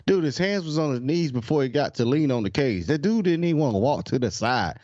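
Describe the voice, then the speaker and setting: A man's voice: mid-range voice, lively intonation, fairly quick, a little mellow, no room sound, highs cut off. A man co-hosting a podcast in casual sports chat, laid-back and slangy, often restarting his sentences. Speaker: podcast co-host.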